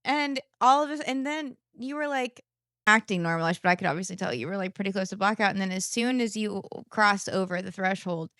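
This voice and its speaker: A woman in her late thirties, chatting casually as a podcast co-host from a couch at home. Her voice sits at a middling pitch. She talks in a laid-back way, rambling and swearing freely. The sound is dry and close, with no room echo. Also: a little fast, fairly bright tone. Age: late 30s. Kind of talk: casual chat.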